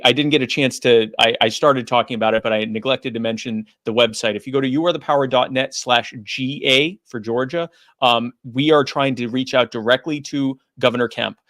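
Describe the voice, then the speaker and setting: A man speaking as an advocate on a livestream panel, earnest, pausing often with fillers and restarts. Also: mid-range voice, a bit bright, dry recording, studio quality. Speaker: advocate guest.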